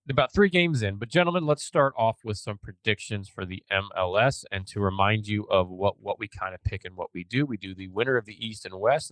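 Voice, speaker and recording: A man's voice: lowish voice, dry recording. A man hosting a podcast in casual chat, rambling a little with fillers as he talks. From United States. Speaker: podcast host.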